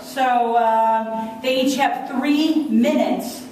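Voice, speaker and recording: A woman hosting a live event on stage, brisk and upbeat as she organizes the next part, recorded in a large conference hall. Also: a little high, warm tone. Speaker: event host. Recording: echoey hall, distant mic, crowd noise.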